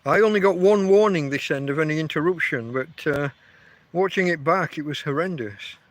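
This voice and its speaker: A man's voice: fairly high pitch, moderate pace, no echo. A man, chatting casually and rambling on a livestream from outdoors. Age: 50s. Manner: rambling, chatty, often restarts his sentences. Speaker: livestream host.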